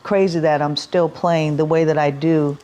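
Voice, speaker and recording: A woman's voice: low-pitched, fairly even intonation, moderate pace, mellow. A middle-aged woman musician, a guest in an interview, talking heartfelt about performing, restarting her sentences and laughing easily. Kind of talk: interview conversation.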